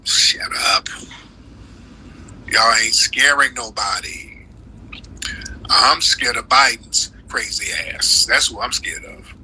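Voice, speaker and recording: Bright, heated man ranting. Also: mid-range voice, takes it slowly, slight background noise, poor audio. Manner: heated, slangy, emphatic. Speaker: live stream host. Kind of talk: political commentary rant.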